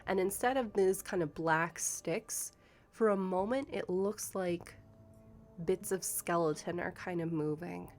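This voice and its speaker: A woman narrates a tabletop game as game master with a fairly low voice. She paints each scene in measured, careful detail.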